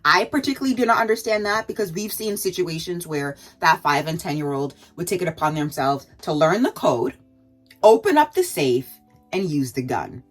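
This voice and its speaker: A woman ranting straight to camera as she does her makeup. Her voice sits fairly low and leaps up on rhetorical questions, with soft music playing faintly behind. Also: animated, normal speed. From Canada. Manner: fired-up, rhetorical questions with big pitch jumps. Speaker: vlogger. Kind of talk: impassioned vlog rant while doing makeup.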